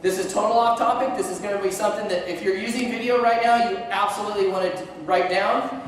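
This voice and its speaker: Energetic man presenting in an echoey hall. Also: high voice, fast talker, slight background noise. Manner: energetic, asks the audience questions, jokes. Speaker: seminar speaker. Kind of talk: conference talk to a live audience. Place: large conference hall. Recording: echoey hall, distant mic.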